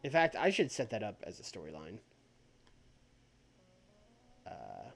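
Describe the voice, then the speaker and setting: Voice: low voice, huge pitch swings, unhurried, creaky, long pauses. A streamer thinking aloud while playing a wrestling booking game, laughing often and changing plans mid-sentence. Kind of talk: casual live-stream chat. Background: faint background music.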